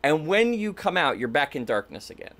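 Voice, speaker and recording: A man running a tabletop game, narrating with a casual, animated flow. His voice is a bit high and very lively in pitch. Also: a little fast. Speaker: game master.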